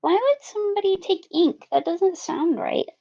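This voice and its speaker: A woman voicing a quiet, guarded young female toon in a tabletop game, speaking hesitantly. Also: very high voice, lively intonation, gravelly, pitched above the performer's own voice, full character voice. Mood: puzzled. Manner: hesitant, halting. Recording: lo-fi recording.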